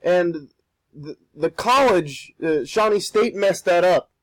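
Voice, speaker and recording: A young man with a voice on the higher side chats casually while he draws. He rambles, stumbles over repeated words and swears offhandedly. The sound is dry and close, with no room around it. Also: expressive, slow, no room sound, low-quality recording. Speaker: art streamer. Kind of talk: casual talk while drawing.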